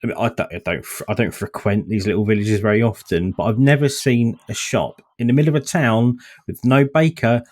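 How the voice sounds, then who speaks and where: A man's voice: on the low side, brisk, few pauses, a little mellow. A man is riffing on a podcast, sardonic and full of swearing. He stumbles and restarts constantly as the story tumbles out. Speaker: podcast co-host. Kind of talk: casual podcast chat.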